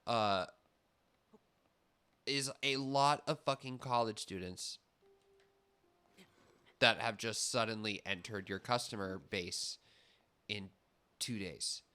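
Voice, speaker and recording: Bright-voiced young man rambling on stream. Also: fairly low pitch, slow pace, long pauses, clean tone. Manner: rambling, self-interrupting, laughs often. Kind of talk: casual gameplay chat.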